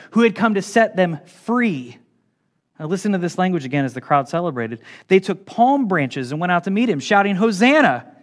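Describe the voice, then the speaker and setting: A man preaching a sermon as pastor, animated and swinging from hushed lines to shouts. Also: high-pitched.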